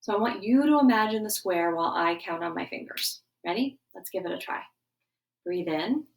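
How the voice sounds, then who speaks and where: Middle-aged woman talking kids thru a calm lesson, sounds a little far from the mic. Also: mid-range voice, brisk. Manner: warm, coaxing teacher voice, guiding breathing. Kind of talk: gentle lesson for children. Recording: voice a bit distant from the mic.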